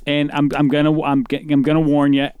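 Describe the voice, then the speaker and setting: Recorded outdoors by a forest, a podcast co-host reads news stories aloud in casual chat, rambling with restarts and the odd swear. His voice is fairly high, monotone and a little fast, with a darkish, clear, resonant tone.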